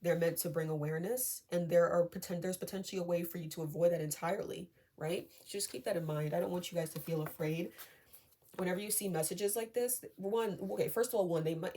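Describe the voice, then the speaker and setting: A woman with a lowish voice talks quickly over a faint hiss or hum. She's a tarot reader doing casual, chatty readings for her viewers, full of fillers, frequently asking "okay?" and calmly reassuring them not to be afraid.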